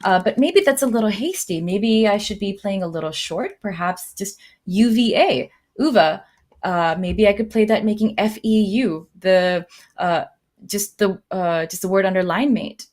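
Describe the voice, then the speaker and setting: A woman giving live commentary on a board game, thinking aloud with many fillers and lively jumps in her voice. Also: medium pitch, measured pace. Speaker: tournament commentator.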